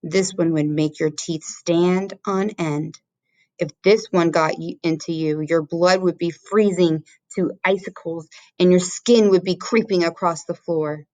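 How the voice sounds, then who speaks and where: A woman's voice: on the low side, fairly even intonation, a little slow, a little mellow, close to an everyday voice. A woman voicing a big friendly male giant who talks in garbled grammar and odd invented words. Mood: grim. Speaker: teacher reading aloud.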